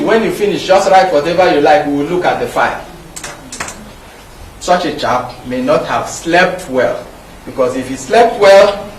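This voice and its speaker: Middle-aged Nigerian man lecturing in an echoey hall. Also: high-pitched. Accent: Nigerian English. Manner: emphatic, repetitive, anecdotal teaching. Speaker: medical professor lecturing. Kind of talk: public lecture. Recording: echoey hall, mic from far off, faint background noise.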